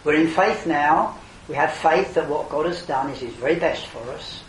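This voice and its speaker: A man's voice: a little high, moderate pace, a little hiss or hum. Older man preaching earnestly, far off. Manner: earnest, rising to emphatic exclamations then dropping soft. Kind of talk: evangelistic sermon. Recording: roomy hall, distant mic, faint ambience.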